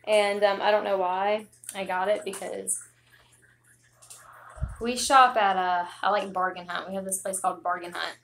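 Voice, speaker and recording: A woman's voice: mid-range voice, little pitch movement, moderate pace, vocal fry, fairly bright tone, a little hiss or hum. Chatty young woman, breathless home vlog. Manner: rambling, chatty, lots of fillers. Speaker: vlogger. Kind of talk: casual livestream chat. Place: home, indoors. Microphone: phone.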